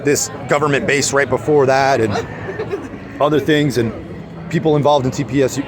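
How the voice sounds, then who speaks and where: A man's voice: medium pitch, fairly even intonation, normal speed, a crowd in the background. A man venting in a casual vlog outdoors, heated and rambling, full of restarts and rhetorical questions. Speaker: vlogger.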